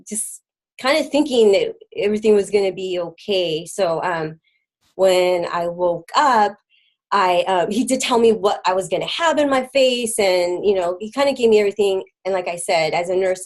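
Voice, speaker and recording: A middle-aged woman, appearing as an interview guest, gives personal testimony about her own experience in a fairly low voice. She speaks haltingly, with many ums and restarted sentences, and drops to a near whisper at the hardest moments. The audio quality is poor.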